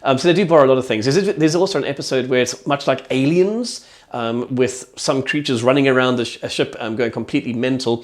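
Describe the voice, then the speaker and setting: A man giving an enthusiastic, rambling casual review of a TV show. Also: medium pitch.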